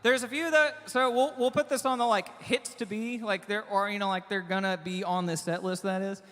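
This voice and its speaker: High-voiced man rambling on a bar stage. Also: fairly even intonation, a bit bright. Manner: rambling, halting, with stammered restarts. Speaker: singer-songwriter performing live. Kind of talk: between-song stage banter. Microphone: stage vocal mic. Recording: live bar recording with long reverb and band music. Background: guitar and band music.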